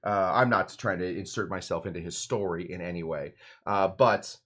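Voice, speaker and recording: A bartender hosts a cocktail show, mixing drinks while talking in a loose, rambling style crowded with fillers and side remarks, a casual demonstration. His voice is deep and a little bright, at normal speed.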